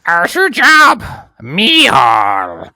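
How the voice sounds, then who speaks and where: A gravelly, throaty creature voice stretches each word out slowly. A man puts it on, pitching it up and leaning back from the mic, with the wide swings and bright edge of his natural voice. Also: huge pitch swings, dry recording, exaggerated voice. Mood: croaking. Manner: drawn-out, slow name reading. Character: throaty creepy male creature voice. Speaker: podcast co-host.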